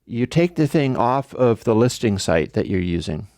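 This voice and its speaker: A man's voice: medium pitch, very animated, normal speed, darkish tone, no room sound, studio quality. A man hosting a livestream, telling a story in a rambling, conversational way. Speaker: livestream host. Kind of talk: casual livestream chat.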